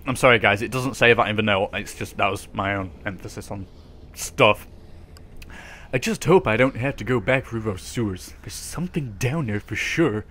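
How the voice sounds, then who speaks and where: A man's voice: on the low side, moderate pace, a bit bright. Sarcastic man doing game commentary. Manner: sarcastic, joking asides. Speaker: let's play host. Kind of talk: gaming commentary.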